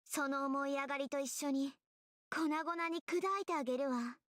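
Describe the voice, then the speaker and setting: A woman's voice: high-pitched, fairly even intonation, fast talker, fairly bright tone, no room sound, studio quality. A cruel little girl mage. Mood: coldly threatening. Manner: sweetly menacing, giving orders. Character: small girl mage, cold, cruel and commanding. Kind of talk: Japanese game voice acting.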